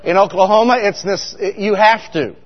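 A middle-aged pastor gives a humorous sermon packed with stories, chatting with the congregation and often asking them questions. His voice sits high at a moderate pace, and the recording sounds dull with long hall reverb.

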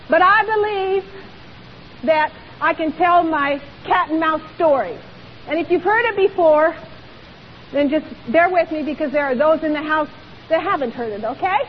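A woman preacher delivering a sermon in church, emphatic and full of rhetorical questions. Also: very high-pitched. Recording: dull lo-fi recording with long hall reverb and faint hiss.

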